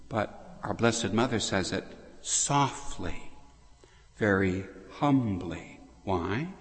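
A man's voice: lowish voice, lively intonation, extremely slow, big-room sound. A man preaching a sermon as a priest, speaking devoutly, reciting Latin phrases and then translating them.

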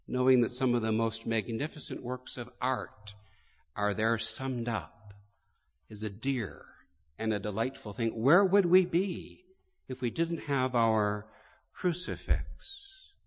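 A man, a priest, delivering a sermon slowly and deliberately in a large church. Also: medium pitch. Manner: slow, deliberate storytelling. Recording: long hall reverb.

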